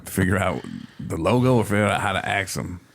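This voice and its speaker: A man with a very low, gravelly voice hosts a podcast in loose, joking chat. He teases and laughs a lot. The sound is close and dry. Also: a little fast, no room sound. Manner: goofy, teasing, laughs often. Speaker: podcast host.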